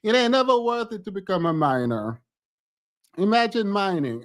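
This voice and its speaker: A man's voice: sits high, sing-song, moderate pace. A man streaming a casual reaction to a reality show, talking in a sassy, emphatic way and laughing often.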